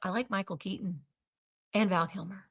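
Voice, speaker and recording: A woman's voice: medium pitch, fairly even intonation, moderate pace, breathy edge. A woman hosting a casual live stream, chatting in a rambling way and trailing off as she hunts for names. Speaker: live-sale stream host. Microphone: streaming setup.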